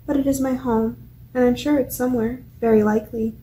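A brave, polite young girl, as a woman reads her aloud from a storybook. She speaks earnestly and courteously in a mellow, fairly high voice. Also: fairly even intonation, brisk, slight background noise, close to an everyday voice, poor audio.

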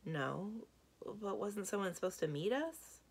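A woman's voice: medium pitch, lively intonation, measured pace, vocal fry, slightly rough, voice pushed up, exaggerated voice. A woman voicing a curious, nervous but brave young boy in a storybook read-aloud, asking eager questions.

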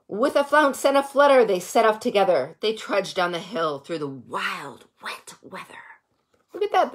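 A woman reading a picture book aloud to young children, gentle and expressive, stopping to comment on the pictures and ask the kids questions. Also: a little high. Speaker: children's story reader.

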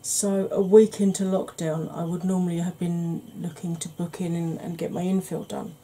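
A woman's voice: fairly low pitch, little pitch movement, normal speed, dark tone. A woman hosting a makeup channel, chatting casually through a tutorial with rambling, self-deprecating asides.

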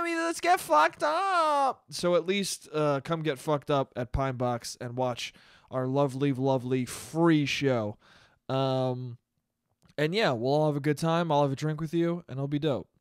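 A man's voice: a little high, smooth, no echo, clean studio sound. A young man hosting a casual solo podcast, rambling and cursing in a self-mocking way. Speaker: podcast host and comedian.

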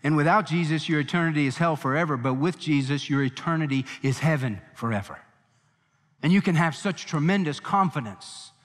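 A man's voice: on the high side, a little fast, big-room sound. A man preaching a passionate sermon as pastor, rising and falling for emphasis. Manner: impassioned preaching, voicing quotes with emphasis.

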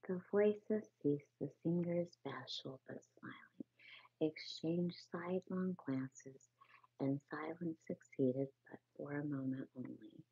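Woman bedtime-story narrator, slow and gravelly, whisper-soft, phone-thin dry audio. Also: low voice, no room sound. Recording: tinny phone-like sound, dry.

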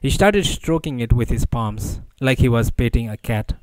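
A man's voice: mid-range voice, animated, normal speed, darkish tone, no echo, rough recording. Man narrating an audiobook.

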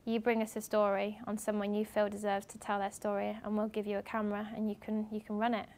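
A young woman from England giving a lively talk to students at a university as a guest speaker, acting out what other people said as she tells her stories. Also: medium pitch, fast. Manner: animated storytelling, acting out others' lines. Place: university lecture room.

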